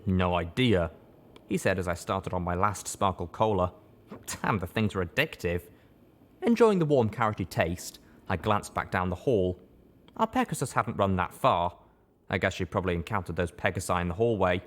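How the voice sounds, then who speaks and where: Deep-voiced male audiobook narrator. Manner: steady, measured storytelling. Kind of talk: first-person story narration.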